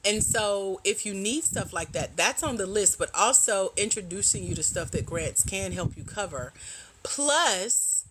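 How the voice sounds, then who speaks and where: A woman hosting a casual livestream as a grant coach, animated and slangy, teasing her viewers and laughing often. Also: medium pitch, measured pace, noisy background.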